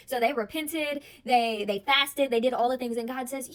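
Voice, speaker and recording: A woman retelling a bible story in a chatty, animated way, with casual storytelling and lots of "like". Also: high voice, fast talker, hardly any pauses. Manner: chatty and animated, heavy use of "like". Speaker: bible study vlogger.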